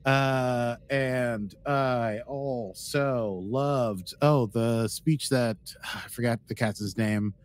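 A man's voice: mid-range voice, drawn-out words, hardly any pauses. A man co-hosting a podcast in casual chat, rambling and playful, with lots of fillers. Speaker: podcast co-host.

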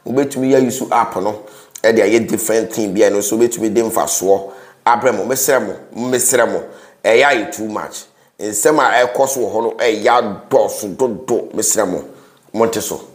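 A Ghanaian man hosting a gossip news commentary, with pleading, preachy asides to his viewers. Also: mid-range voice. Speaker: host. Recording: roomy echo.

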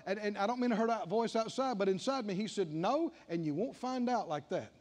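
A man's voice: high-pitched, lively intonation, moderate pace, darkish tone. An older man preaching a sermon and acting out back-and-forth dialogue, building to emphatic declarations.

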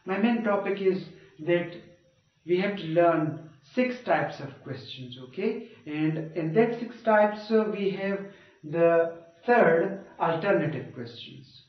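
A man's voice: high-pitched, animated, takes it slowly. A male teacher giving a grammar lecture, repeating points and checking with "okay?" and "you got it?". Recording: dull, echoey, far from mic.

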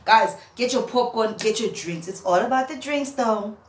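A young woman, a vlogger, roasting someone in a mocking, animated rant to camera and laughing at her own jokes. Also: fairly high pitch, moderate pace. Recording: roomy echo, faint background hum.

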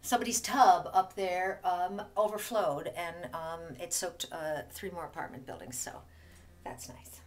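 A woman's voice: on the low side, moderate pace, hardly any pauses. A woman filming a casual home video in her apartment bathroom, exasperated and self-mocking as she talks to the camera. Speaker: vlogger. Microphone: handheld camera.

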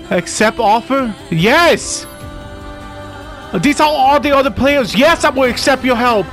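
High-voiced, slow, dramatic gamer man. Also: expressive, a bit bright, soft background music. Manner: dramatic, profane, talks to himself. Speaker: let's play gamer. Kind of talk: emotional gameplay commentary.

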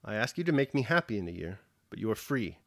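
A man voicing a grave aristocratic officer, a prince, in an audiobook reading, speaking in a measured, earnest way. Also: on the low side, sing-song, fairly bright tone, no echo, studio quality.

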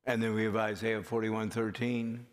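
A man's voice: on the low side, level tone, normal speed. A man preaching a sermon as pastor, speaking earnestly and drawing out phrases for emphasis. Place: church sanctuary. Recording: long hall reverb.

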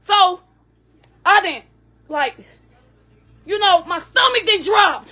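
A woman's voice: very high-pitched, expressive, slow, sharp tone. A woman from the States, telling an emotional personal story and emphatically asking "you hear me?" as she goes. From Southern United States.

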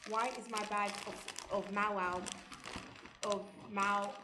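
A young woman from England chatting excitedly as she unpacks a parcel in a casual vlog, thinking aloud. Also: medium pitch, takes it slowly. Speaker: vlogger. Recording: echoey room, background noise.

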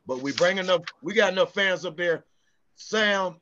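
A middle-aged man co-hosting a podcast, telling stories in a casual, animated way and often repeating himself. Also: high voice, normal speed. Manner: animated, repetitive storytelling. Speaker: podcast co-host. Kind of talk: casual chat. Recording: dull lo-fi sound.

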